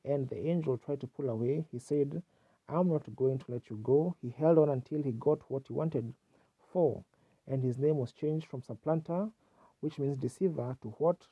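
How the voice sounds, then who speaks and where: A man's voice: mid-range voice, moderate pace, breathy edge, dry recording. A man preaching a sermon with fervent exclamations, heard on a dull, lo-fi archival tape.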